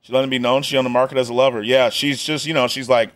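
A man's voice: mid-range voice, level tone, racing. A young man reacting to a video on a live stream, joking in slang and laughing often. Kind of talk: casual reaction commentary.

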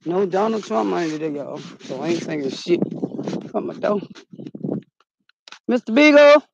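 Woman, gravelly voice, dramatic slangy outdoor vlog, dull lo-fi phone audio. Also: on the low side, moderate pace, a little hiss or hum. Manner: dramatic, slangy, calls out and shouts. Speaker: vlogger. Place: outdoors in the cold.

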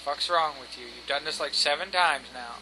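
A man's voice: fairly high pitch, normal speed, noisy background. A man giving casual let's-play commentary, exasperated and swearing at the game and at himself. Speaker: gameplay commentator.

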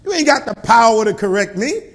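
A man preaching a colloquial sermon in a church style, with call-and-response and shouted peaks. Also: extremely high pitch, big pitch swings, a little fast. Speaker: pastor.

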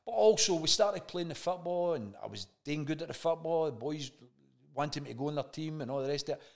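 A man's voice: fairly high pitch, animated, brisk, vocal fry. A man with a Scottish accent, a chat show guest telling a story in casual conversation, swearing freely and acting out the dialogue he remembers.

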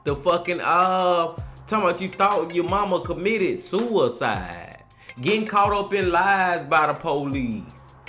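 Loud animated man in a roomy space. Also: sits high, unhurried, soft background music. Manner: loud, animated, swearing, rising to shouts. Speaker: reaction video host. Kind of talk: casual reaction commentary. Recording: roomy echo.

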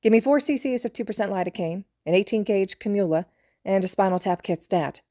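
A woman voicing a calm, authoritative female trauma doctor who gives brisk clinical orders and reassures patients. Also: mid-range voice, no echo, studio quality, lightly acted. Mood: urgent.

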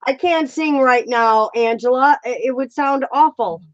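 Congested high-voiced woman, lo-fi call. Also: unhurried, a little hiss or hum. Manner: giggly, reads viewer comments. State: stuffy, congested nose. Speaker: co-host. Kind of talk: casual livestream chat. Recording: dull lo-fi online call audio.

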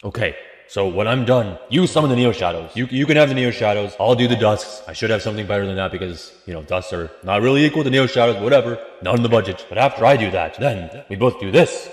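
A man giving casual gameplay commentary, excitable and quick to swear, yelping and exclaiming at the action. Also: on the low side, no room sound. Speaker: let's play commentator. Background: game music.

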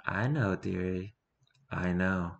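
A man voicing a possessive, inhuman carnival entity that coos sweetly, then sinks low and menacing. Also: slow, creaky, lo-fi sound, exaggerated voice. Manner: syrupy, cooing, turning low and menacing.

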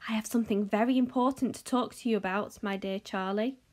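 A woman voicing a brisk, cheerful, eccentric grown man who makes chocolate, reading him from a children's novel. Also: mid-range voice, fairly even intonation, darkish tone, natural voice.

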